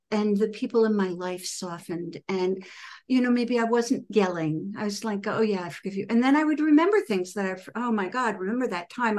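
A middle-aged woman, a composer, telling personal stories in an interview and acting out her own past words with lively emphasis. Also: a little high. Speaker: composer and author, guest. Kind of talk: conversational interview storytelling.

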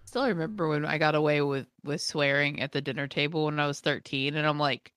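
A woman co-hosting a casual chat, animated and swearing freely. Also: low-pitched, a little fast, smooth, no echo, studio quality. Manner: animated, swears freely, slips into joking voices. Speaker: podcast co-host.

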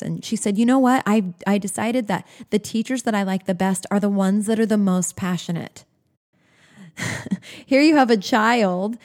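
Excited woman in her 40s coaching on business, talks right to you, big energy. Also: medium pitch. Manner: enthusiastic, animated, talks to the listener directly. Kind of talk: motivational talk to viewers.

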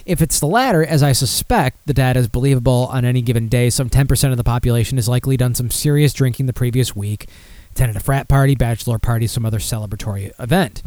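A man's voice: medium pitch, quick pace, a little mellow, no room sound. A man hosting a podcast alone, rambling sardonically through listener comments with many fillers and restarts. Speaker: podcast host. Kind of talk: casual solo podcast commentary.

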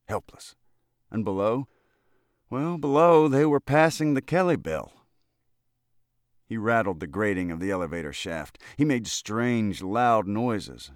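A man narrating a classic short story with steady, measured storytelling. His voice sits very low, and the recording is close and dry with no room echo. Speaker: audiobook narrator.

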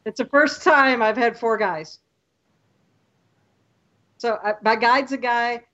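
A woman guest on a podcast, telling lively stories and acting out what people said. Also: on the high side, takes it slowly, muffled recording. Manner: lively storyteller, acts out quotes. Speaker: podcast guest, photography tour leader. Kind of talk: casual podcast chat.

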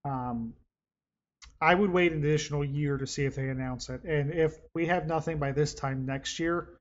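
On a lo-fi recording, a slightly high-voiced man at a moderate pace co-hosts a gaming podcast. His casual chat rambles, turns excitable, and includes some profanity.

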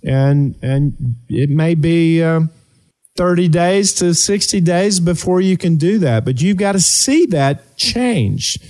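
A man hosting a motivational talk show, coaching listeners earnestly with rhetorical questions and deliberate pauses. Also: on the high side, animated, a little mellow. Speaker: host and performance coach.

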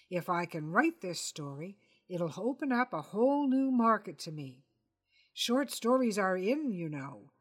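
A man's voice: sits high, fairly bright tone, full character voice. A woman voicing a fussy, self-important male crime writer who talks in a pompous, exasperated way.

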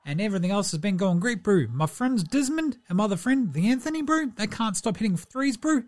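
A man doing a comic impression of a laid-back, cheerful, slow-witted New basketball player, with a drawl, tagging every line with "Brew" and "eh". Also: high voice, big pitch swings, a little mellow. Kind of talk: comedy impression sketch.

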